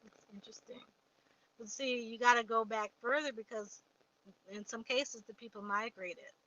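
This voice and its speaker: Woman livestream host, fairly high and bright, chatty, answers viewer comments; dull lo-fi stream audio. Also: fairly even intonation, moderate pace, no room sound. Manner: chatty, reads viewer comments aloud and replies. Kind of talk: casual live chat.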